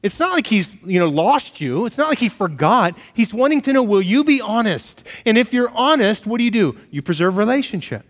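A male pastor preaching a sermon with animated storytelling, sometimes acting out shouted back-and-forth exchanges. His voice sits a bit high. It rings out with a long reverb tail, as if he is in a large room. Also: brisk, few pauses.

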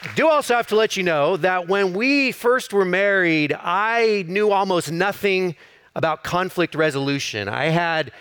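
Middle-aged pastor telling a self-deprecating story. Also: male voice, high voice, animated, moderate pace, a bit bright, clean tone, some chatter behind. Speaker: campus pastor. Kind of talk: sermon.

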